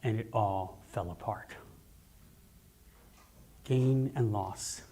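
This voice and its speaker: A man minister giving a sermon, telling stories in an animated, jokey way, speaking into a mic in a church sanctuary. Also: lowish voice, extremely slow, a little hiss or hum. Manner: animated, jokey storytelling preacher.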